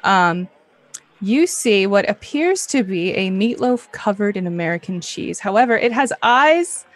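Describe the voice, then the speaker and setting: A woman's voice: medium pitch, expressive, unhurried. A young woman narrating a tabletop game as game master in a loose, chatty way with many fillers.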